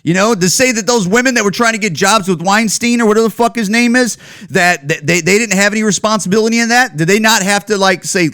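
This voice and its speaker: A man hosting a solo podcast from home, riffing in a loose, profanity-laced rant that runs on and doubles back. His voice sits on the higher side for a man. The recording is dry, with no room sound around him. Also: fast talker, pushed and bright, dry recording. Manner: profane, ranting, loose run-on delivery. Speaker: podcast host. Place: at home, indoors.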